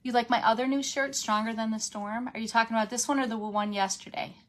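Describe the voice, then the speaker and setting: A woman's voice: fairly high pitch, fairly even intonation, fast. A woman with a runny nose, hosting a casual craft livestream, chatting with viewers as she works and laughing often.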